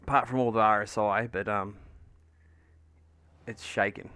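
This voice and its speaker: Aussie guy rambling and swearing while he paints minis on stream, bright punchy voice, dry close sound. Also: fairly low pitch, fairly even intonation, unhurried, clear, resonant tone, no room sound, soft background music. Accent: Australian. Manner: rambling, sweary storytelling with lots of fillers. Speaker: livestreamer painting miniatures.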